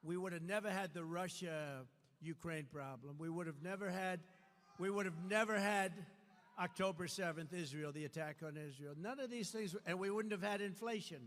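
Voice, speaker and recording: A high-pitched, bright and forceful American man delivers a campaign rally speech. He repeats short punchy lines and climbs into shouts. His voice carries a long reverb from a large hall, with faint ambience underneath. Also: moderate pace. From United States. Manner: repetitive, punchy declarations, rising to shouts. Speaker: political candidate. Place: large venue at a campaign event.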